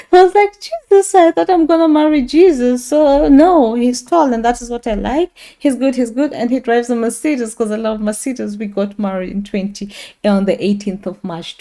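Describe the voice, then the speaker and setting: A woman's voice: a little high, warm tone. A woman in her thirties telling a personal faith testimony in a rambling, casual way with many fillers and restarts. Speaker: testimony speaker.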